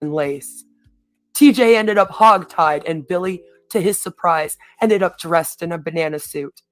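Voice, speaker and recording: A woman's voice: on the low side, a little slow, soft background music. A woman reading a story aloud on a stream, in a theatrical manner, sometimes breaking off to comment on her own reading.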